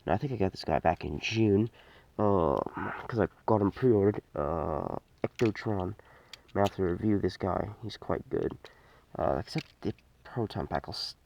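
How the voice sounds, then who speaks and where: A low-voiced man with a gravelly edge talks through a toy review in a loose, off-the-cuff way. He rambles, trails off and restarts often, filling gaps with plenty of "uh"s. His tone stays dark and mellow throughout. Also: a little hiss or hum. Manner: rambling, hesitant, many fillers and restarts. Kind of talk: casual unscripted toy review.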